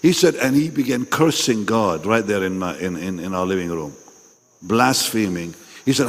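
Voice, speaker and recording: A man's voice: fairly low pitch, animated, normal speed. A man preaching a sermon at a pastors' meeting. He is emphatic, repeats his phrases and questions the audience directly. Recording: long reverb in a large hall.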